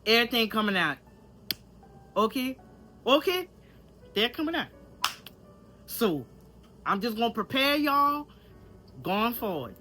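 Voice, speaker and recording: A woman's voice: a little high, sing-song, unhurried, pauses often, pushed and bright, a little hiss or hum. Chatty woman with a country Louisiana accent. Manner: candid, chatty, repeats herself, addresses viewers directly. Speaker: vlogger. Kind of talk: casual vlog talk to camera.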